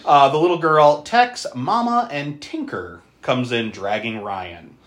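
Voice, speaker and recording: Animated, swearing podcast host in an echoey room. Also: measured pace. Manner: animated, profane, laughing, with sudden pitch jumps. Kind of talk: casual movie recap chat. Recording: roomy echo.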